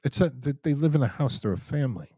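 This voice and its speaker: A man's voice: medium pitch, lively intonation, fast, warm tone, husky, no echo. A man hosting a live Q&A stream, chatting casually as he reads out viewer comments and jokes around with many restarts. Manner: rambling and joking, many restarts.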